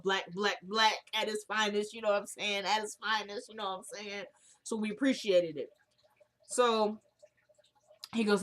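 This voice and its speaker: Woman, casual TV recap chat, animated storytelling, mid-pitched voice. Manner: animated retelling, acting out scenes. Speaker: TV recap vlogger.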